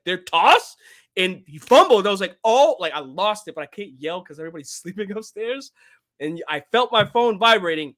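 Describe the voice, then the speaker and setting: A young man talking college football on a home podcast, his voice bright and forceful. He rambles and restarts mid-thought, with sudden excited outbursts. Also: a little high. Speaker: podcast co-host. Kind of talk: casual sports chat. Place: home room.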